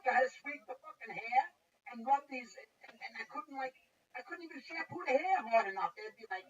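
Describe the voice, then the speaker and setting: A man's voice: extremely high pitch, animated, quick pace. An older man telling anecdotes in casual chat, loose and swearing, mimicking other voices. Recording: distant, dull recording with faint noise.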